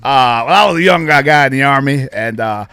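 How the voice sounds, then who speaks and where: Laughing older Southern man, lively bright voice. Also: mid-range voice, a little fast, vocal fry, clear, resonant tone, no echo, studio quality. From American South. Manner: laughs often, puts on voices for stories. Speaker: podcast host. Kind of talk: casual chat.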